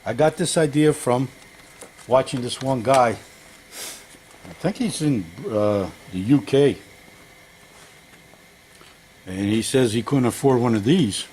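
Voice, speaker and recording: In a casual workshop vlog, an older home mechanic tinkers with an engine and talks to viewers in a folksy, wandering way. His medium-pitched voice is a little mellow, slow and full of long pauses, with slight background noise.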